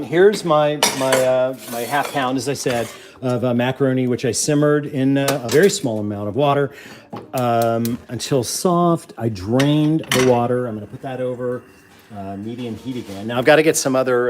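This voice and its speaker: A man hosts a relaxed home cooking video, his pitch sitting right in the middle and his talk loose and jokey. He rambles through each step with plenty of fillers and teasing asides. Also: normal speed, noisy background. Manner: joking, rambling with many fillers. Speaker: home cook and show host. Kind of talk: casual cooking demo with banter. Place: home kitchen.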